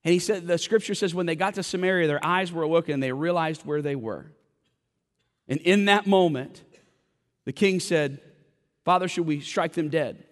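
A man's voice: on the high side, moderate pace. A man preaching a sermon as a pastor, retelling a story with dramatic quoted voices. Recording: long hall reverb.

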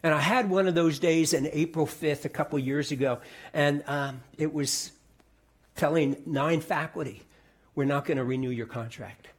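Middle-aged male pastor, husky and fairly high, easy conversational sermon delivery with restarts. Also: normal speed. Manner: conversational preaching, repeats words, drops to soft quiet tones.

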